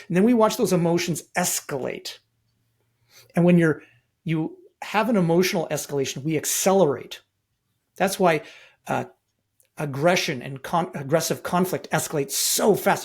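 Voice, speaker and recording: A man's voice: on the high side, husky. A middle-aged man from Canada, a podcast interview guest speaking emphatically with many rhetorical questions.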